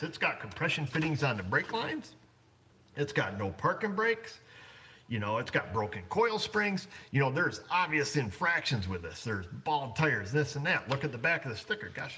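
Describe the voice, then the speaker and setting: A man's voice: on the high side, very animated, normal speed, pushed and bright, pitched above the performer's own voice, heavily acted. A man voicing a shocked male traffic cop who rattles off a wrecked car's faults in disbelief. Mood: incredulous.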